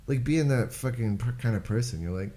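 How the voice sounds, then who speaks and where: A man's voice: mid-range voice, lively intonation, fairly quick, a loud crowd. A man co-hosting a podcast, talking in crude, joking banter with friends. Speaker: podcast co-host. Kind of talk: casual banter among friends.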